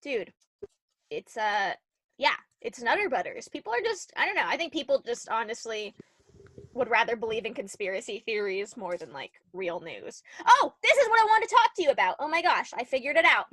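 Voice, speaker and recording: A young woman co-hosting a podcast, chatting casually with lots of "like" and animated retellings. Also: fairly high pitch, fairly quick, no room sound. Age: young adult. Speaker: podcast co-host. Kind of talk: casual chat.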